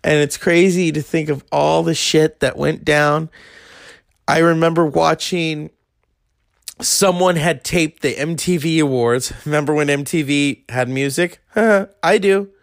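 A podcast host in his thirties, with a fairly high-pitched voice and vocal fry, tells a rambling, crude story in a casual, unhurried monologue. The recording is dry with clean studio sound, and he acts out quoted voices.

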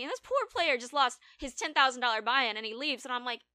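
Bright, crisp-voiced woman telling stories. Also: high voice, fast, no echo. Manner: animated storyteller, acts out quoted people, many fillers. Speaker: podcast guest. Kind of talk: casual storytelling interview.

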